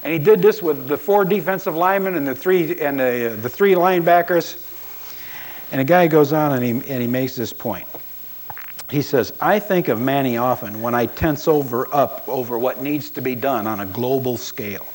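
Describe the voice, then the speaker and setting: A man's voice: mid-range voice, moderate pace, darkish tone, low-quality recording. A man preaching a sermon as a pastor, telling stories and acting out quoted voices with emphasis.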